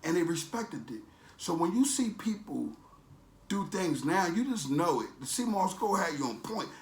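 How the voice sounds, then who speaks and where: A man's voice: high voice, very animated, normal speed, reverberant. A man ranting in a preachy, motivational way as a vlogger, with emphatic, streetwise, repetitive phrasing. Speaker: vlogger promoting a supplement.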